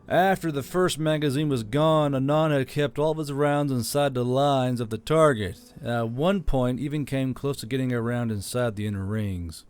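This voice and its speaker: A man reading a story aloud in a steady, even storytelling manner. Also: medium pitch, normal speed, hardly any pauses, smooth. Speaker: narrator. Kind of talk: scripted story narration.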